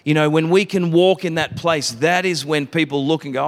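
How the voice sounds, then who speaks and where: Chatty preacher in a reverberant hall. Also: male voice, a little high, normal speed. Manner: chatty, self-interrupting, laughs often. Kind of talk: casual sermon.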